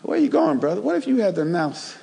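Animated preacher man in a reverberant hall. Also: high-pitched, quick pace, gravelly. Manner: animated, call-and-response, plays jokey role examples. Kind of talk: lively sermon with humor. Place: church. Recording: long reverb of a church hall.

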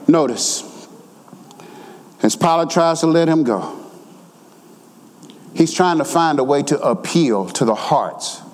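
A high-pitched man preaches a sermon, his voice ringing out with a long reverb as if in a big hall. He jumps between fast conversational asides and shouted, almost sung lines, often repeating words for weight.

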